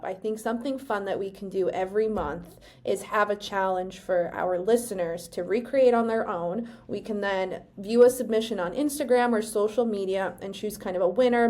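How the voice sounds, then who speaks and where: A woman co-hosting a podcast in casual chat, speaking in a measured, thoughtful way. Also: mid-range voice, darkish tone. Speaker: podcast co-host.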